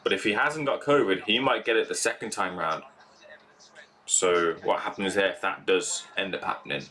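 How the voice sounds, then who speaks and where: Young male streamer, low forceful voice, rambling casual chat. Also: moderate pace. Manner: rambling, chatty, many fillers. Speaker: live stream host. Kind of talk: casual live reaction stream.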